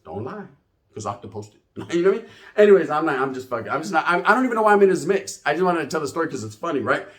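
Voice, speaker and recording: A man's voice: on the high side, very animated, rapid-fire, a bit bright. A man, telling a story as ranting commentary, full of profane street slang and Spanish words. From California. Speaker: channel host.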